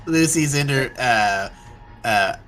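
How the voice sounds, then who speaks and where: A young man running a tabletop game as game master, talking haltingly with many fillers and counting moves aloud. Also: medium pitch, expressive, a bit bright, faint music behind.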